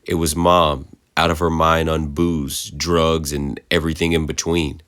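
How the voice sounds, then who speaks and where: Deep-voiced man narrating horror. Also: level tone, a bit bright. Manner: measured, somber storytelling. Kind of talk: creepypasta narration.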